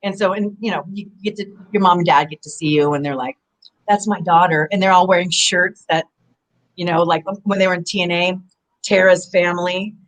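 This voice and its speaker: Speaking fairly quickly in a lowish voice, this middle-aged former wrestler from Southern California appears as a guest in a casual video-call interview. She rambles through her stories as an animated storyteller, and the recording quality is low.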